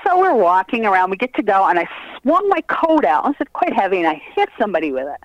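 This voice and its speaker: A woman's voice: mid-range voice, quick pace, no echo, muffled recording. An older woman telling funny stories in a casual interview, laughing often as she talks. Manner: lively, laughing storyteller. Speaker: guest, host's mother.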